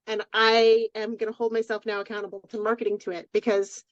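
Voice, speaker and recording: A woman co-hosting a podcast, sharing a heartfelt personal story in an open, unguarded way with frequent restarts. Her voice sits on the higher side. The sound is dry and a little dull. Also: level tone, brisk, dry recording. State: tearful. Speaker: podcast co-host. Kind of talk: casual chat.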